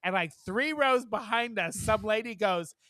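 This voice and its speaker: A man co-hosting a podcast, telling animated, profane stories in casual chat and acting out the people in them. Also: high-pitched, normal speed, no echo, studio quality. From moved to New York from elsewhere. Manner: animated, profane storytelling with acted quotes. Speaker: podcast co-host.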